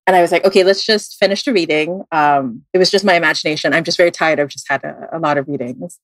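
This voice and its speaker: A Filipino-accented tarot reader speaks fast as a podcast guest, casually telling a story filled with fillers and restarts. With no room sound on her voice, she animatedly performs the voices she quotes, making big jumps in pitch.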